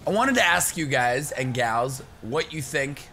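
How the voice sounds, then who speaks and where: A young man giving excited live gameplay commentary, shouting and laughing as he plays and chats to viewers. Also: mid-range voice, measured pace, faint music behind. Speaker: gaming YouTuber.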